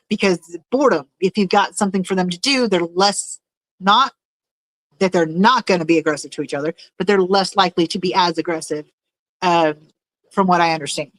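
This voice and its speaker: A woman in a medium-pitched, slightly bright voice hosts a casual livestream, chatting in a rambling way, reading viewers' messages out loud and often reaching for words. The audio is poor, though there's no echo.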